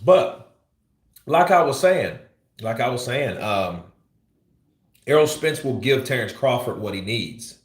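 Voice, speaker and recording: A man's voice: medium pitch, expressive, takes it slowly, long pauses, reverberant, a little hiss or hum. A man hosting live boxing commentary, blunt and profane, ranting and teasing as he talks. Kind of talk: livestream commentary.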